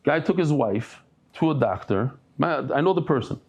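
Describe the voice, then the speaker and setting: A man with a mid-range voice teaches a daily Talmud class at a moderate pace, animatedly telling stories and jokes with humorous asides. He restarts often and uses Yiddish terms, and the recording sounds lo-fi.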